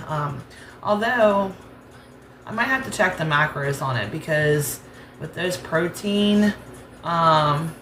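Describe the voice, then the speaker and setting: Cooking in her home kitchen, a woman from the United States talks casually in a rural Southern accent, rambling and laughing easily as a cooking channel host. Her low voice has a fairly bright tone, and the reverberant recording carries slight background noise.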